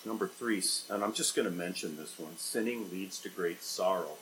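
A man's voice: normal speed, a little hiss or hum, poor audio. Man preaching a dynamic sermon. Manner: dynamic preaching with sharp swings in loudness and pitch, rhetorical questions. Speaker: pastor.

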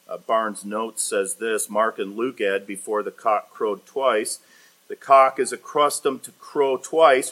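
A man preaching a sermon, emphatic and expository, rising in force when he voices the words of the text. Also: medium pitch. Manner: emphatic preaching, rising loud for quoted lines; expository, reads commentary aloud. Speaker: pastor.

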